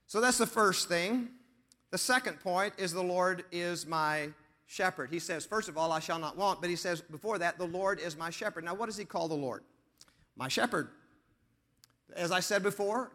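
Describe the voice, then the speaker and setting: A man's voice: sits high, normal speed, sharp tone. A man preaching a sermon as a pastor, emphatic, repeating phrases and asking the congregation questions. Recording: long hall reverb.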